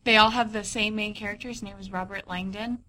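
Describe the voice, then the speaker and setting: A woman's voice: mid-range voice, fairly even intonation, fast, pushed and bright, slight background noise. A young woman co-hosting a book podcast, explaining an author's books in a rambling, casual way. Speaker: podcast co-host. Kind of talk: casual chat.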